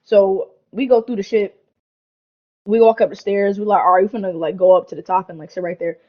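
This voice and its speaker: A young woman co-hosting a podcast, telling a party story in a casual, animated way, full of slang and swearing. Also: medium pitch, brisk, highs cut off. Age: young adult. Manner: animated, slangy, heavy swearing, lots of "like" and "bro". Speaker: podcast co-host.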